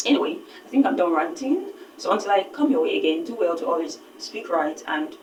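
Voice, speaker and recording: A woman's voice: fairly low pitch, expressive, brisk, echoey room, far from the mic, a little hiss or hum, rough recording. A woman from Nigeria with a Nigerian English accent, giving an earnest, emphatic phonics lesson full of rhetorical questions. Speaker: phonics teacher. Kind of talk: spoken lesson.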